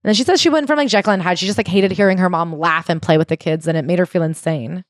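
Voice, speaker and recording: A woman co-hosting a podcast, chatting casually about a memoir, animated and jumping high in pitch when excited, swearing casually. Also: fast talker, no room sound, studio quality. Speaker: podcast co-host. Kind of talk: casual book club chat.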